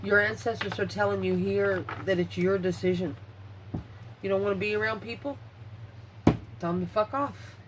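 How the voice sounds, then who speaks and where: Woman tarot reader, mid pitch, breathless, blunt and profane, faint background noise. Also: normal speed, pauses often. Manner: blunt, swears freely, muses aloud over the cards. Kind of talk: casual tarot reading.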